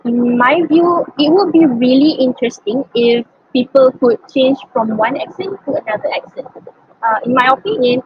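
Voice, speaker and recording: A young adult woman with a fairly high voice, a native Malay speaker with a Malaysian English accent, earnestly answers interview questions. She thinks aloud with many ums, and the recording is muffled with a little hiss or hum.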